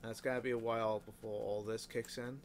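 This let's play host speaks fast in a low, level tone, muttering to himself while playing a factory-building game. Swearing frequently and hiccuping, he's heard against slight background noise.

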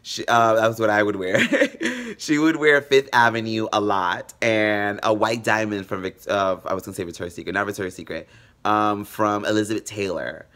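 A man vlogging, telling funny stories in a casual, animated, joking way. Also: moderate pace. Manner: animated, jokey, swings in pitch. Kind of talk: casual storytelling.

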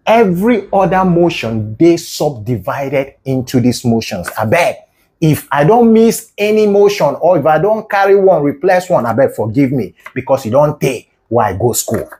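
A man's voice: fairly high pitch, very animated, moderate pace, a little mellow. A man with a Nigerian Pidgin accent telling a comedic story in a playful, mock-lecturing manner. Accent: Nigerian Pidgin English. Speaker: comedic video creator.

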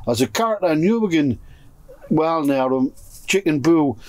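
A man with a Geordie accent telling a rude, animated story to friends in a pigeon loft, swearing freely and acting out what everyone said. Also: a little high, moderate pace. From North East England. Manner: profane, animated, acts out dialogue. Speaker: pigeon fancier. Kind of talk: casual storytelling among friends. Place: pigeon loft shed, indoors.

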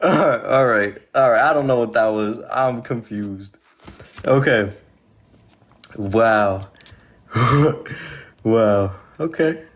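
A man's voice: mid-range voice, slow, long pauses. Laid-back man hosting a live stream. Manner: laid-back, asks guests about their talents. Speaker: livestream host. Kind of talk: casual livestream chat.

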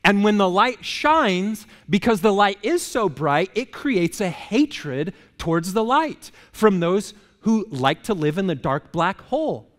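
A man's voice: sits high, big pitch swings, measured pace, few pauses, fairly bright tone, big-room sound. A male pastor giving a casual, joking sermon, firing rhetorical questions at the congregation. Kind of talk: conversational sermon. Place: church sanctuary.

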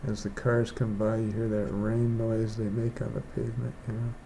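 A man's voice: lowish voice, monotone, normal speed, vocal fry, warm tone, slight background noise. A man who is a digital artist, rambling and thinking aloud as he walks through a casual painting tutorial indoors. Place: indoors, rain outside.

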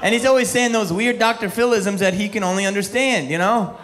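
A man's voice: sits high, a little fast, heavy background noise. A male stand-up comedian doing a sarcastic routine, tossing joking asides to the crowd.

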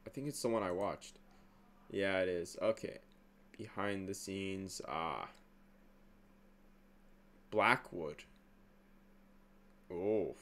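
A man giving casual reaction commentary on horror shorts, jumpy and slangy, yelping and swearing when startled. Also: medium pitch.

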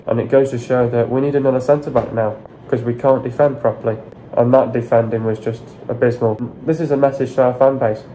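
A man rants through a football breakdown in a mellow, low-toned voice that barely rises or falls. He is blunt and sweary, hammering the same complaints again and again. A faint hiss sits under the recording. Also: rough recording. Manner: frustrated, repetitive, blunt and sweary. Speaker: football fan vlogger. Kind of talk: ranting match analysis vlog.

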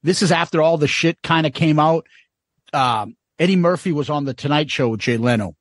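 A man in his forties from the Boston area, co-hosting a casual podcast and telling lively stories with frequent laughs. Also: a little high, fairly quick, dry recording, studio quality. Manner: lively storyteller, laughs often. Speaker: podcast co-host.

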